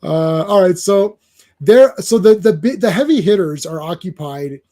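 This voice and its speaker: A man hosting a casual comic book review chat, excitable and rambling as he talks through the pages. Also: high-pitched, moderate pace. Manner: excitable, rambling with fillers and restarts.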